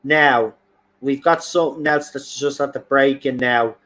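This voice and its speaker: A man's voice: mid-range voice, measured pace, fairly bright tone. A young man hosting a fan channel, talking with emphatic, repetitive passion. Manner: passionate, emphatic, repeats himself for effect. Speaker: football fan channel host. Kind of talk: excited fan commentary.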